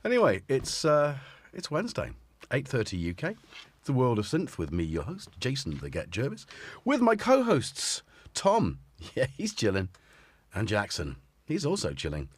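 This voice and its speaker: A man's voice: fairly low pitch, huge pitch swings, normal speed, husky. A man hosting a live synth stream in casual chat, rambling and self-deprecating, tired and a little sore-throated. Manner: rambling, self-deprecating, playful asides to his cats.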